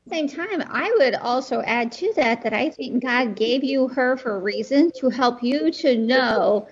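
A woman's voice: sits high, animated, a little slow, muffled recording, slight background noise. A woman co-host in casual talk show chat, talking in an encouraging way.

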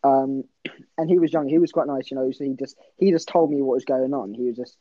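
A man's voice: mid-range voice, brisk, no echo. A young man co-hosting a podcast, telling a story in a rambling, laughing way with plenty of swearing. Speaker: podcast co-host. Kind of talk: casual storytelling chat. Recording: dull lo-fi dry sound.

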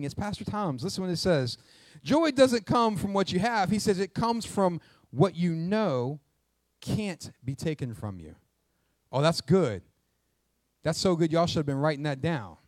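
A man, a pastor preaching a sermon to his church with lively call-and-response questions. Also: no room sound. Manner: jokes aside in a quiet, quick low voice. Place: church sanctuary with congregation.

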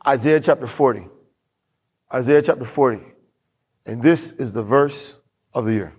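A man's voice: mid-range voice, normal speed, darkish tone, husky. A man preaching a sermon as pastor in a church, emphatic and given to repeating his lines and reading scripture aloud.

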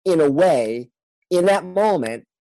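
Earnest pastor, dry close sound. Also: male voice, a little high, lively intonation, dark tone, no echo, rough recording. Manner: earnest, halting, many restarts. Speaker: pastor, guest. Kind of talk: personal storytelling in a podcast interview.

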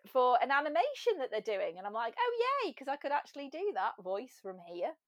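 A woman's voice: on the high side, sing-song, fairly quick, dry recording, lo-fi sound. An English woman chatting animatedly as a podcast guest, telling stories and slipping into little voices. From England. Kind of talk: casual chat.

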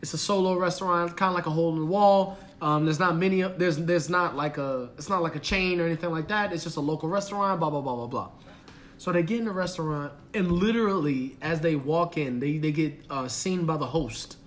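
A man co-hosting a podcast, telling a story in an animated, profane way and acting out the people in it. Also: fairly high pitch, a little fast, slight background noise. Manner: animated, profane, acts out the people in his stories. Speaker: podcast co-host. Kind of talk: casual storytelling chat.

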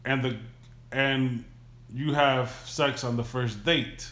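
A man's voice: mid-range voice, slow pace. A man casually telling a long story on a podcast, loose and profane, acting out the people in it. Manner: loose, profane, animated retelling. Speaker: podcast host. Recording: echoey room.

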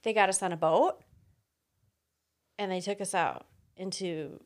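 A middle-aged woman in casual chat, telling a story in a lively way and laughing often. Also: medium pitch, unhurried.

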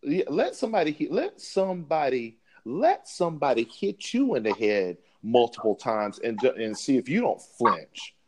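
A man's voice: mid-range voice, huge pitch swings, moderate pace, few pauses. A man co-hosting a sports podcast, arguing a point with emphatic, repeated words. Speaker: podcast co-host. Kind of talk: sports debate.

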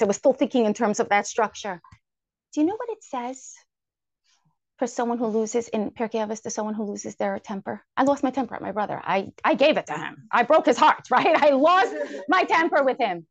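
Brief: high woman speaker, animated storyteller, dry sound, a bit lo-fi. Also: moderate pace, dry recording. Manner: animated, acts out her own inner thoughts. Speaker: guest speaker. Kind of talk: personal story told to a live audience.

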